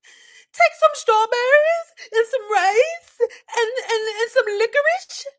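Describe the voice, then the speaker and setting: A woman's voice: extremely high pitch, lively intonation, slow pace, pitched above the performer's own voice, exaggerated voice. A woman mimicking a whiny, gushing hair influencer. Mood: mocking whine. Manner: sing-song, half-laughing, whimpering.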